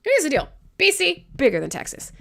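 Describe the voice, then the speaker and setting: Woman host from Canada, high and bright voice, animated, loose swearing live-show chat. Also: fairly quick, creaky. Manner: swearing, laughing, joking.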